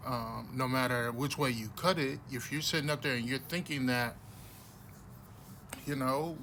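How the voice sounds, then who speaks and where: Blunt rambling man with a bright voice. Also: fairly high pitch, fairly even intonation, moderate pace, slight background noise. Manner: blunt, rambling, many restarts. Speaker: vlogger. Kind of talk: casual monologue to camera.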